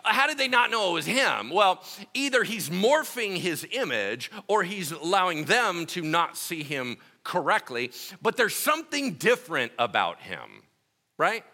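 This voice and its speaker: A man preaching a sermon in a relaxed, conversational way, reading scripture and retelling stories with lively asides. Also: sits high, unhurried. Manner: conversational and animated, acting out scenes. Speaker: pastor.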